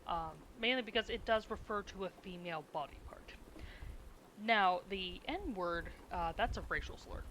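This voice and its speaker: Slow chill streamer voice, bright tone, rambly and giggly, chatting while drawing. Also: medium pitch, lively intonation, slight background noise, poor audio. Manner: rambling, chuckles often, talks to chat. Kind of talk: casual chat while drawing emotes on stream.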